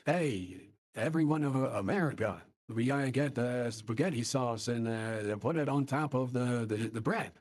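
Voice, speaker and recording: A man's voice: medium pitch, normal speed, darkish tone, voice pushed down. A man doing a voice-changer impression of an old male president who rambles and trails off. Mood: rambling.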